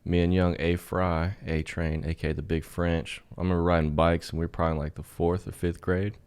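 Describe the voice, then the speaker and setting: This male podcast co-host talks fairly fast in a low, clean-toned voice, telling a meandering story full of swearing. "Like" crops up constantly, and he grows lively as the tale unfolds.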